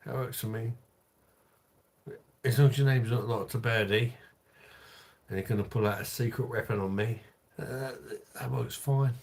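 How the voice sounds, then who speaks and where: A man's voice: medium pitch, moderate pace, darkish tone. A man, drunk, hosting a crude, rambling livestream chat and reading out viewer comments. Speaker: livestream host.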